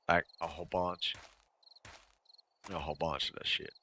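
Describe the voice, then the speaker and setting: A man casually chatting and joking while livestreaming a survival game, rambling between low mutters and loud exclamations. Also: little pitch movement, moderate pace, slight background noise. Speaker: gaming livestreamer. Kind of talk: casual let's-play commentary.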